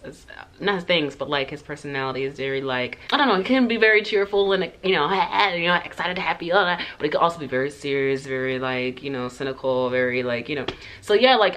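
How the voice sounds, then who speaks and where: In this relaxed get-to-know-me chat, a woman who vlogs about hair talks to her viewers in a low-pitched, slightly bright voice, animated and a little fast. Her answers wander off on tangents, are peppered with "um" and "like," and she laughs between sentences.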